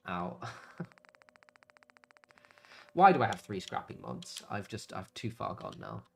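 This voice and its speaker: A British gaming livestreamer chats casually while he plays, drifting between topics, laughing a lot and swearing occasionally. His medium-pitched voice is gravelly with a fairly bright tone.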